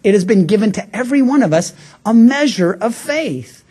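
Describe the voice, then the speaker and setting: A man's voice: high voice, expressive, normal speed, dark tone, husky. A man preaching a radio sermon, talking through his point in a conversational way, with frequent restarts and stammers. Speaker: pastor.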